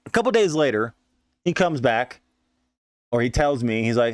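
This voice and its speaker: A man's voice: mid-range voice, very animated, normal speed, no echo. A young man telling a rambling, profane story in a casual way, full of fillers and asides, recorded close on the mic. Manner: rambling, profane, fillers like "you know what I mean". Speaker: podcast host.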